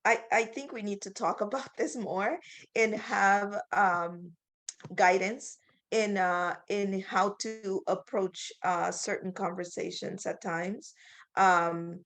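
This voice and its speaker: A woman's voice: mid-range voice, fairly even intonation, slow, fairly bright tone. A woman joining a webinar discussion over a video call, speaking hesitantly with many restarts and fillers. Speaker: webinar participant.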